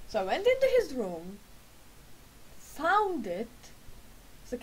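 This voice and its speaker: A woman's voice: fairly high pitch, huge pitch swings, measured pace, long pauses, slight background noise, low-quality recording. A woman in her late twenties, a gaming vlogger just out of bed and sleepy, chatting casually in a rambling, self-correcting way at home. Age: late 20s. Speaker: vlogger and gamer. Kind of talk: casual chat.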